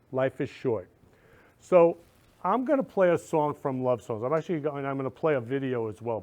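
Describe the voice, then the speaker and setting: A man's voice: on the high side, a little mellow. Gushing, emotional male talk show host. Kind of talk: effusive live show talk with spoken prayer.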